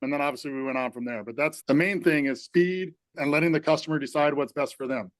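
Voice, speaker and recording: A man with a fairly high voice speaks on a webinar panel, energetic and conversational. He keeps checking in with 'right?'. The sound is dry and close. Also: fast talker, no echo. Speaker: panelist, company founder.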